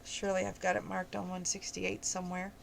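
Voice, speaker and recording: A woman's voice: fairly low pitch, completely flat delivery, brisk, vocal fry, slight background noise. A woman casually reading a romance novel aloud, with slips, restarts and page numbers counted off. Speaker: reader of a novel.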